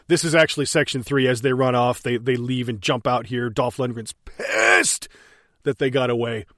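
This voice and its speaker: Profane, animated man riffing on a movie. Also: medium pitch, moderate pace, dry recording, studio quality. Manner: profane, animated, laughing storyteller. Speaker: podcast co-host reviewing a movie. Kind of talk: casual movie commentary.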